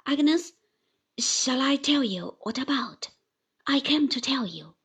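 A woman voicing an earnest young man who pleads in a hushed, breathy voice. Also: high-pitched, animated, slow, heavily acted. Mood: pleading.

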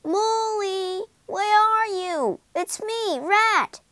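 A woman voicing a bold, loyal male water rat in a storybook, talking briskly and eagerly. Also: high voice, very animated, no room sound. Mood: urgent. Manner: brisk and eager, shouts in anger.

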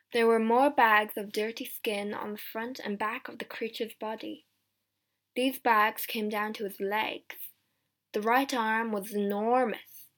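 A woman reads a simplified novel aloud with slow, careful, clear pacing. Her voice sits fairly high. It is scripted audiobook narration. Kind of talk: scripted narration of a graded reader.

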